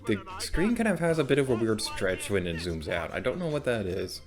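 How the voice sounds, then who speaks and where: A man's voice: sits low, animated, fairly quick, hardly any pauses, soft background music. Chatty man narrating his gameplay. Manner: chatty, rambling, self-deprecating, sudden loud outbursts. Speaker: let's play host. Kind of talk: casual gameplay commentary.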